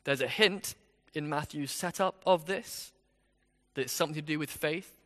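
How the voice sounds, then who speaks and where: Bright-voiced male preacher in a reverberant hall. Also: on the high side, normal speed. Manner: expository, conversational, with rhetorical questions. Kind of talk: sermon.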